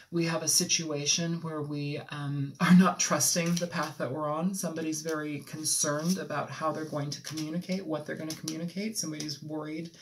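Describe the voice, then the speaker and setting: A tarot reader from Los Angeles giving an intuitive reading, talking in a rambling, halting way with frequent ums, as if channeling impressions as they come. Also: medium pitch. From Los Angeles, United States.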